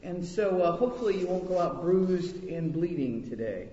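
A woman's voice: lowish voice, lively intonation, normal speed, mellow, echoey room, big-room sound, muffled recording. A woman teaching a Bible study class for women, speaking earnestly and directly to the group.

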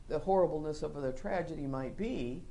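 A woman preaching a sermon in an animated storytelling manner, acting out the scenes she describes. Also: low-pitched, normal speed, a little hiss or hum.

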